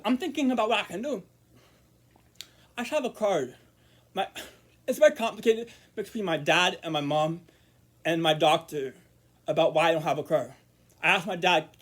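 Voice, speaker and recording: A man with a voice that sits high vlogs to camera in a casual monologue. He rambles, repeats words and restarts, murmuring quiet asides.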